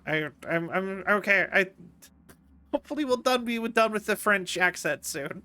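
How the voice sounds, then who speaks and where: A man's voice: high-pitched, lively intonation, moderate pace, pushed and bright. A young man streaming a game, chatting casually in a rambling, playful way that keeps stopping and restarting. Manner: rambling, self-interrupting, playful. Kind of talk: casual gameplay commentary.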